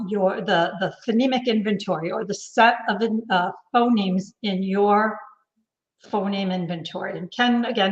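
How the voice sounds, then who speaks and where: A woman's voice: medium pitch, muffled recording. A woman, a literacy expert guest, explaining distinctions carefully with some restarts in a panel discussion. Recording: echoey room sound.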